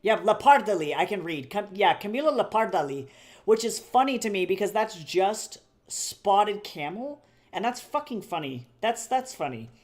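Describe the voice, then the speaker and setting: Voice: medium pitch, sing-song, normal speed. An artist chatting casually during a live drawing stream, rambling, correcting themself often, and swearing now and then. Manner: chatty and rambling, with frequent self-corrections and repeated phrases; swears casually and laughs at own jokes.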